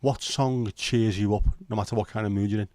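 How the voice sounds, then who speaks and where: Hosting a casual livestream, a Liverpool man in a Scouse accent rambles, swears and banters with his viewers. His voice is fairly low, steady and mellow, a little fast, with no echo.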